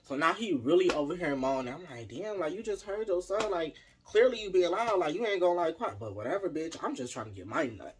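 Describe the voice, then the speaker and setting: A man vlogging a casual storytime, talking straight to his viewers in a lively, chatty way. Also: on the high side, fairly quick, hardly any pauses. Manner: animated, chatty, addresses viewers directly.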